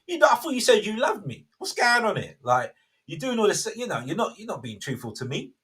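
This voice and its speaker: A man's voice: sits high, huge pitch swings, a little fast, a bit bright, pitched above the performer's own voice, full character voice. A man voicing Delilah, a scheming woman who nags and accuses her lover. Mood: hurt nagging. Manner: pleading, accusing, nagging.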